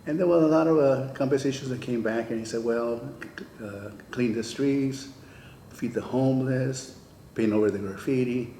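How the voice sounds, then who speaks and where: An older man with a gravelly, mellow voice recalls his teaching years in an unhurried oral history interview. He slips into the voices of the people in his stories as he goes. The room sounds echoey, with faint ambience behind him. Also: medium pitch, a little hiss or hum. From California. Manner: storytelling, acts out quoted dialogue. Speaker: retired teacher.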